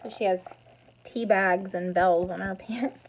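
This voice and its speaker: A woman reading a picture book aloud, adding casual explanations to listeners, sometimes dropping to a soft near-whisper. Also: medium pitch, steady tone, measured pace, rough recording. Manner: warm asides, soft and near whispered at times. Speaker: storybook reader.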